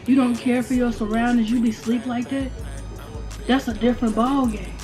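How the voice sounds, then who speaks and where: A young woman with a slightly high voice tells a storytime over a meal in loose, slangy chat. She hammers lines home by saying them twice, animated throughout. Faint music sits under her. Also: normal speed. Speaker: vlogger. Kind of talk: casual storytime while eating.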